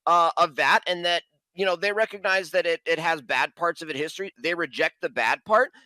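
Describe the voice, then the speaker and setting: A man's voice: a little high, brisk, pushed and bright, no echo, low-quality recording. A man from the Mountain West arguing indignantly and emphatically in a heated political debate, repeating words when pressed. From Mountain West, United States. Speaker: debate panelist.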